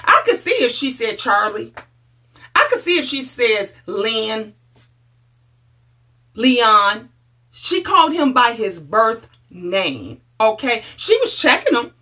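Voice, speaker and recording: A woman's voice: fairly high pitch, sing-song, slow pace, pauses often, bright, forceful tone. A middle-aged woman ranting bluntly, with a lot of profanity and repeated phrases, in a heated opinion vlog. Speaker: vlogger.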